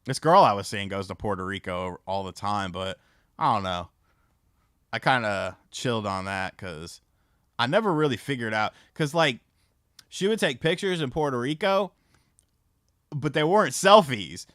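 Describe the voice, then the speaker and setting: A man's voice: mid-range voice, expressive, moderate pace, pauses often, a bit bright, no room sound. A man hosting a casual livestream, chatting with viewers and telling rambling, profane stories full of fillers on a close mic. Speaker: livestream host. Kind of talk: casual stream chat and storytelling.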